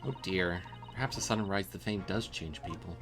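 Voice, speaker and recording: A man's voice: low-pitched, a little fast, natural voice. A man voicing a hesitant, worried young male defense lawyer in a voice close to his own. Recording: game music playing behind.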